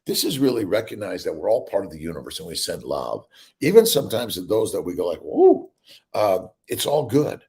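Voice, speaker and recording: Here the same kind of host, a middle-aged male doctor, talks fast and very animatedly in a deep voice with a darkish tone. It's a casual morning livestream where he reads comments, rambles upbeatly, and welcomes viewers by name.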